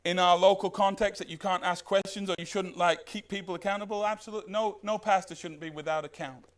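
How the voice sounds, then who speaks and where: A man preaching a sermon as pastor, animated and putting questions to the congregation. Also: high voice, fast.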